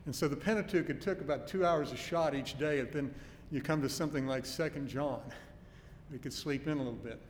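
A man preaching an expository sermon, teaching earnestly with emphatic stresses and homely anecdotes. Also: a little fast. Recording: long hall reverb with faint low rumble.

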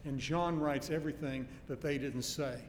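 Heard in a hall with long reverb and a faint low rumble, a preacher gives an expository sermon at a moderate pace. He keeps his intonation fairly even while stressing points emphatically. His teaching is earnest and dotted with homely anecdotes.

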